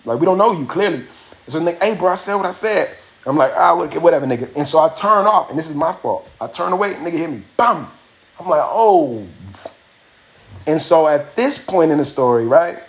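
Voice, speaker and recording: A man, hosting a livestream and telling a story casually, slangy and animated, repeating phrases for effect. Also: fairly high pitch, fast talker. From Miami, USA. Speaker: livestream host.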